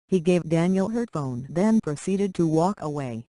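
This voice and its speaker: A reader narrating a short romance story aloud in a plain, steady way. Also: medium pitch, normal speed, dry recording, rough recording.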